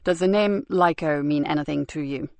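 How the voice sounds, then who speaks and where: A woman voicing a calm, polite male detective sergeant, speaking low, quiet and measured. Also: dry recording.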